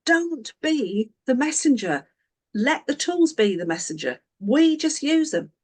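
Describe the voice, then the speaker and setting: A woman's voice: sits high, measured pace. A woman coaching a business team, telling a story and acting out the dialogue of everyone in it. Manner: animated, acts out quoted dialogue in the story.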